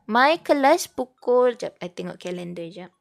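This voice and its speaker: A woman's voice: medium pitch, lively intonation, normal speed, creaky, soft background music. A young woman with a Malaysian accent, chatting casually on a study stream and switching between English and Malay as she reads chat. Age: young adult. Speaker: VTuber streamer.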